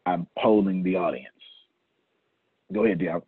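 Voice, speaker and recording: With a low, breathy-edged voice at a moderate pace, a man jokes and laughs his way through a casual team meeting, repeating himself as he hands out work. It sounds like a tinny phone line, with no room sound.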